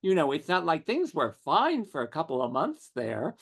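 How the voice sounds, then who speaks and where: A man's voice: fairly high pitch, creaky. A middle-aged man, a writer, telling witty anecdotes as an interview guest. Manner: witty, animated storytelling with quick asides. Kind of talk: conversational anecdotes.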